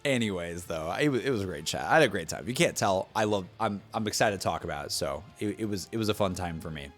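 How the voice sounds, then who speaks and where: Young adult male streamer, animated, lively pitch swings, faint music under. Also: fast. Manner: animated, excitable, restarts and "like" a lot. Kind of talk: casual stream chat to viewers.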